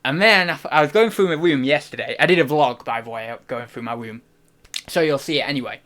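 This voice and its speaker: This young man's mid-range, slightly bright voice moves fairly quickly as he chats on a livestream. Through his desk mic he rambles, cracks jokes, and stops himself partway through sentences.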